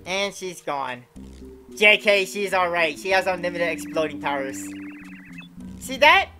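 A woman's voice: on the low side, moderate pace, faint music behind. A woman hosting a let's play, giving casual gameplay commentary with playful, jokey asides.

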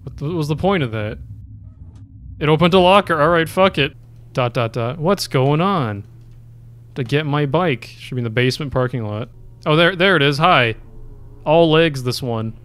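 A man's voice: a little high, lively intonation, moderate pace, a bit bright. A man giving let's play commentary as a gaming video creator, talking to the game, swearing often and laughing a lot.

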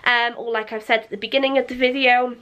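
Young woman, lifestyle vlogger, chatty and rambling, voice a bit high. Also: steady tone, fast talker, fairly bright tone, smooth, lo-fi sound. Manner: chatty, rambling, self-correcting. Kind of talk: casual vlog chat to camera. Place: at home.

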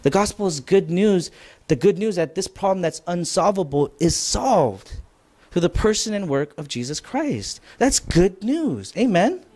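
A man preaching a conversational church lecture, mostly relaxed but rising to emphatic points. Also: high voice, moderate pace. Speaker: pastor. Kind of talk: sermon lecture.

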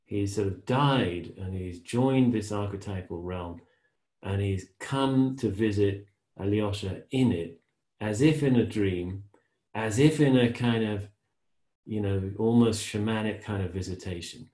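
Male Zen teacher, unhurried and thoughtful, warm low tone, roomy echo. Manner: reflective, pausing, with fillers. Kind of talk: dharma talk with reading aloud. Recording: echoey room.

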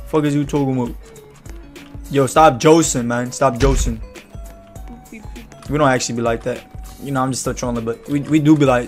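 A man's voice: medium pitch, fairly even intonation, a little fast, soft background music. A man doing casual gameplay commentary, hyped and trash-talking in profane banter. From Louisiana, USA. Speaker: gaming YouTuber.

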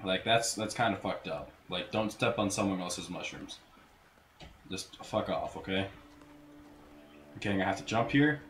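A man giving casual gameplay commentary, crude and full of swearing, with sudden loud outbursts. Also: sits low, moderate pace, pauses often. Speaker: let's play gamer. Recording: roomy echo, faint noise.

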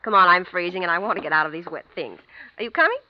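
An actress playing a brisk, coaxing American wife in a 1950s radio drama. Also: female voice, lowish voice, close to an everyday voice. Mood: impatient. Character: chilly, impatient American wife. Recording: muffled 1950s radio broadcast with faint hiss.

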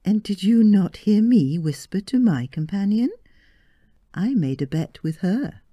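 Woman reading as a coy young bride, soft and teasing, lilting and higher than her narration, bone-dry room. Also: lively intonation, a little slow, dry recording. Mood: demure, teasing. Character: young bride, demure and playful.

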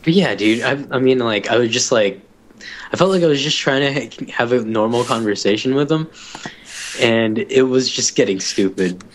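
A man's voice: mid-range voice, moderate pace, slight background noise. Rambling young man chatting casually. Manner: rambling, hesitant, swears casually. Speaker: podcast co-host. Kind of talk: casual chat.

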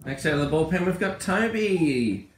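A man's voice: on the high side, lively intonation, moderate pace. An Australian man hosting a casual home video with his family, chatty and playful, cooing affectionately at his pets. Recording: echoey room with background noise.

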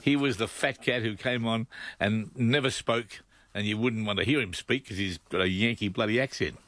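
A man's voice: lowish voice, normal speed, a bit bright. An older man with an Australian accent hosting a radio show, joking and laughing often in blunt banter. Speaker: radio host. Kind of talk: casual on-air chat. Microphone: studio microphone.

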